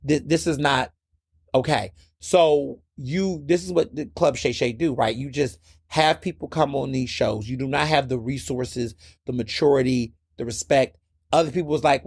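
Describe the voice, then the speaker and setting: A man's voice: medium pitch, moderate pace, creaky, slightly rough, no echo, studio quality. A man hosting his own podcast, giving blunt, impassioned solo commentary and repeating words when worked up. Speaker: podcast host.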